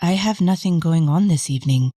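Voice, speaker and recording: A man narrating an audiobook and voicing a calm, unflappable young woman with a light, sarcastic manner. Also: a little high, fairly quick, no room sound, clean studio sound, pitched above the performer's own voice, close to an everyday voice. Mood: cool, dry. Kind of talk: audiobook character voice.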